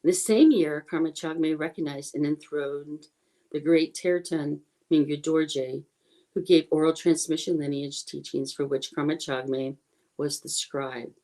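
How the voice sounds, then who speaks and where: A woman with a low, soft, mellow voice talks through a teacher's life in an informal online dharma talk. She is earnest and a little apologetic and corrects herself as she goes. It sounds like a computer mic. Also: steady tone, low-quality recording. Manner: chants prayer slowly in Tibetan.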